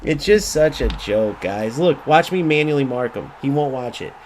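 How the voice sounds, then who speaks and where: A man's voice: mid-range voice, expressive, moderate pace, darkish tone, slight background noise. A man giving ranting gameplay commentary, angry and profane, repeating himself and mocking other players. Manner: mocking voice when quoting others. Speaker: gaming YouTuber.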